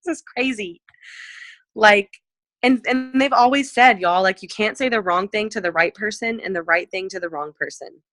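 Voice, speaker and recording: Bright, chatty woman coaching sales. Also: moderate pace, dry recording. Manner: chatty, heavy use of "like" and "you know"; animated, jumps up in pitch when acting out messages. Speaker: direct sales team leader. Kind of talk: casual sales coaching talk. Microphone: video call mic.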